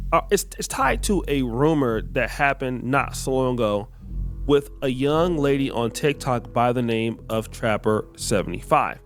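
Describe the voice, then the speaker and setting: A man hosting a podcast, casually walking listeners through celebrity gossip and the clips he shows. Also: medium pitch. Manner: conversational, narrating clips to viewers. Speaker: podcast host.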